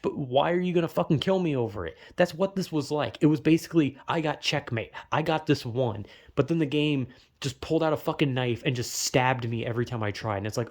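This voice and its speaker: A man rants to camera about a video game, swearing constantly. His voice sits at an ordinary pitch and keeps jumping up into loud, exasperated outbursts. He sounds worn down, as if nursing a headache. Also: quick pace. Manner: angry, swearing rant with sudden loud outbursts. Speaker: gaming vlogger. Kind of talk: ranting vlog monologue.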